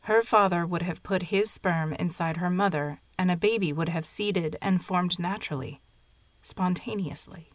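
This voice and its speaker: A woman reading a literary short story aloud in a steady, measured way. Her voice is on the low side and sounds close and dry, with no room around it. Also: no room sound. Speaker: narrator. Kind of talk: scripted narration of a short story.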